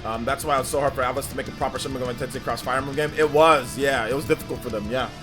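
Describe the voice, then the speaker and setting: A man's voice: medium pitch, steady tone, very fast, music in the background. A man hosting a livestream, chatting casually and rambling through viewer comments with lots of filler words. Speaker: livestream host.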